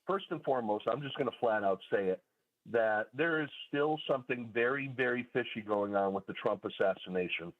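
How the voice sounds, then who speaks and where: A man's voice: medium pitch, fairly quick. A man calling in to a radio show, talking in an earnest, serious way. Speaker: caller. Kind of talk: call-in radio conversation. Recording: tinny phone line.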